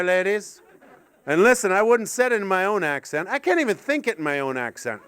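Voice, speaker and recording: A middle-aged man performing a rambling stand-up set, excitable and sweary, with sudden yelps. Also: high-pitched, normal speed, clean tone. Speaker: stand-up comedian.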